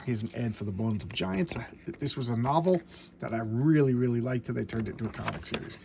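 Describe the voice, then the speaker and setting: A man casually reviewing a comic book in a home vlog, rambling and excitable, with many restarts and fillers. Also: mid-range voice, fast, creaky, noisy background.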